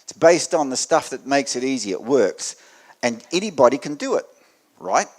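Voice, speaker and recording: A man with an Australian accent giving a technical meetup talk to an audience, with dry joking asides and swings in loudness. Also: medium pitch, very animated, moderate pace. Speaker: conference speaker. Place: meetup venue before an audience.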